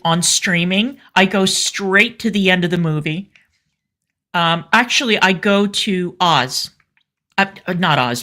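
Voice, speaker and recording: A woman co-host with a fairly low-pitched voice talks in casual commentary. She is candid and effusive, and her sentences stop and restart around ums and uhs. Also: bright, forceful tone. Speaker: show co-host.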